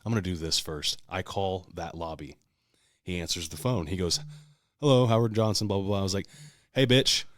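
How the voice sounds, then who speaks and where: Man, podcast co-host, profane heated storytelling, deep voice, dry close sound. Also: fairly even intonation, brisk, a bit bright, dry recording. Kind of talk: casual storytelling.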